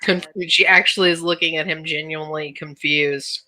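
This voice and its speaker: A woman's voice: low voice, steady tone, normal speed, bright, forceful tone, no echo, rough recording. A woman playing a tabletop role-playing game, speaking bluntly and directly in character. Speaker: tabletop role-play player.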